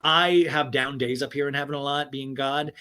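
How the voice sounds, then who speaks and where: A man's voice: mid-range voice, steady tone, moderate pace, pushed and bright, smooth, natural voice. A man doing a chatty, starstruck God. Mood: gushing. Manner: casual, gossipy fan talk. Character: chatty male God, a big fan up in Heaven.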